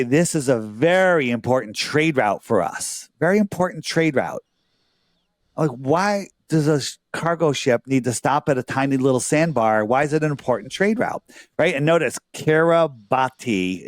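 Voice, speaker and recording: A man's voice: fairly high pitch, dry recording, clean studio sound. A man being interviewed as a guest. He talks casually and earnestly, explaining things on his screen and checking in often with rhetorical questions.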